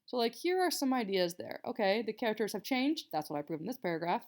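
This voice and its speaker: A woman's voice: medium pitch, big pitch swings, quick pace. A young woman teacher explaining a writing assignment to students in a casual, chatty way, with many fillers. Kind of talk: casual recorded writing lesson.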